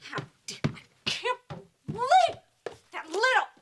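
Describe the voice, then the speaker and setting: A woman's voice: on the high side, big pitch swings, unhurried, background noise. An actress playing a stern, indignant mother who scolds her teenage daughter in a sitcom. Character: stern, exasperated sitcom mom. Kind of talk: multi-camera sitcom acting.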